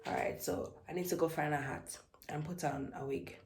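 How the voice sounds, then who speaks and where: Jamaican girl around 18 chatting to her vlog, drops into patois, lowish voice. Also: fairly even intonation, moderate pace, darkish tone. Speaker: vlogger. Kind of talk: casual vlog chat.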